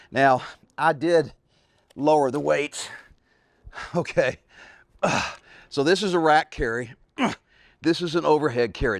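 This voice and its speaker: A winded man in his forties coaches carrying exercises while he does them, his fairly high voice broken by grunts and heavy sighs. The sound is close and dry, with no room around it. He talks casually, like a coach demonstrating in his own backyard. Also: no room sound. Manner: talks while lifting, grunting and sighing with effort. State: out of breath. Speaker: fitness coach. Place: outdoors in a backyard.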